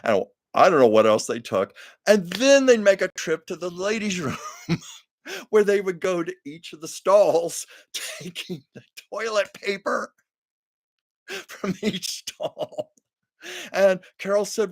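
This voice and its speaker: Chatty older man, lively storyteller. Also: fairly high pitch, unhurried, dry recording, clean studio sound. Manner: chatty storytelling, laughs often. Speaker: live stream host. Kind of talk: casual chat with live viewers. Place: Los Angeles.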